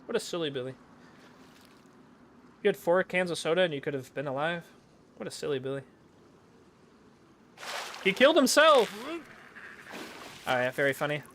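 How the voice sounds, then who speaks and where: A man's voice: medium pitch, fairly bright tone, a little hiss or hum. A young man streaming a game, jokey, rambling and self-mocking.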